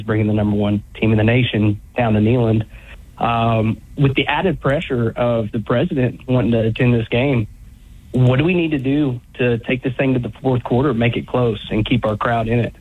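A man's voice: mid-range voice, fairly even intonation, moderate pace, husky. A man calling in to a sports radio show, polite and hesitant with "um"s. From Northeast Tennessee. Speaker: caller. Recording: phone line.

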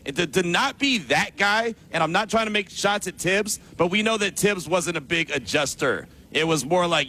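A man's voice: fairly high pitch, moderate pace, few pauses, bright, forceful tone, slight background noise, poor audio. A man hosting sports talk radio, giving casual opinions on coaching and players. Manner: conversational, opinionated.

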